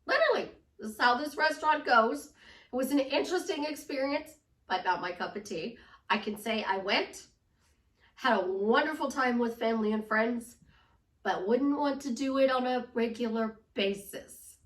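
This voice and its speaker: A woman's voice: a little high, normal speed, roomy sound, recorded from a distance. A woman life coach giving an upbeat, emphatic motivational talk. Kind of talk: motivational vlog monologue.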